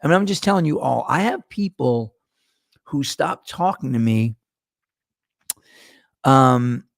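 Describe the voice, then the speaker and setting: Middle-aged guy rambling on his podcast, swears a lot, gravelly voice, dry close sound. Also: medium pitch, lively intonation, slow pace, dry recording. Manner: rambling, profane, digressive. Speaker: podcast host. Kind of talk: casual monologue.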